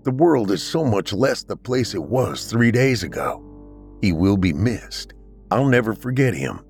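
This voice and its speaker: A man voicing a grieving ex-military brother who speaks earnestly and then in crisp commands. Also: fairly low pitch, big pitch swings, unhurried, a little mellow, faint music behind. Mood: tender grief.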